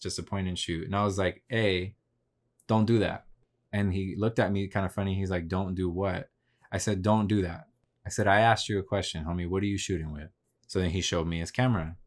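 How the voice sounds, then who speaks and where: A man hosting a podcast, telling a story in a casual, slangy, profane way and replaying his own conversations. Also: low-pitched. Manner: laid-back, slangy and profane, retelling conversations. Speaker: podcast host.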